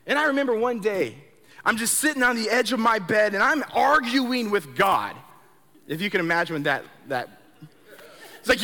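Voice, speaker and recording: A man giving a sermon testimony in a conversational way, stumbling over repeated words and swinging between soft low stretches and loud excited bursts. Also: moderate pace. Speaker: speaker sharing his testimony. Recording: long hall reverb.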